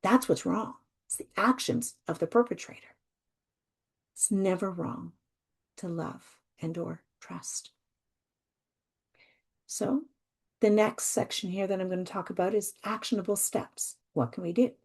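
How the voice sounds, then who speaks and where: A woman hosting a self-help podcast, talking gently and reassuringly and repeating her phrases. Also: mid-range voice, a little slow, vocal fry, long pauses, husky. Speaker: podcast host.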